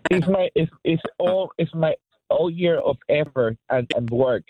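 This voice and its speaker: Male caller, accented English, halting and emotional, tinny phone line, very dry. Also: on the high side, dry recording. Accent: non-native English. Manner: halting, emotional, many restarts. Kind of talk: call-in radio conversation.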